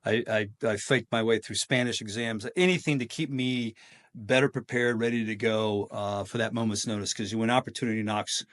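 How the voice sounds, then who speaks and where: A middle-aged man telling stories as a podcast guest in a casual, energetic way, often breaking into quoted voices. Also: moderate pace. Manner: energetic, acts out quoted voices with big pitch jumps. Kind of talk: casual storytelling.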